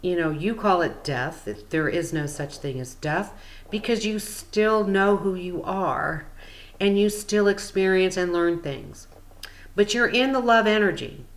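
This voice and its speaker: A woman's voice: lowish voice, animated, a little slow. A woman spiritual coach explaining things in a casual, meandering, chatty way with frequent fillers.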